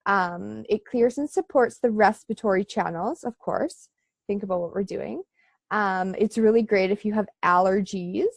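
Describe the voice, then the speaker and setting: A woman teaching a live online breathing class, giving relaxed, chatty instructions with frequent fillers and a slightly congested voice. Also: mid-range voice, normal speed, gravelly, dry recording.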